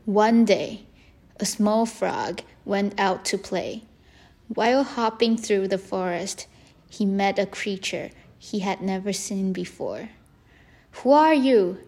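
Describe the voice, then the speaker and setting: A woman reading a children's story aloud in a gentle, careful way. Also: medium pitch, steady tone, slow.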